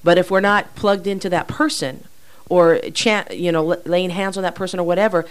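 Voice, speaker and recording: A woman with a somewhat low voice teaches a ministry team. She explains her points through simple, homely comparisons. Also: steady tone, fairly quick, smooth. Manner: explains with homely examples, light laughs.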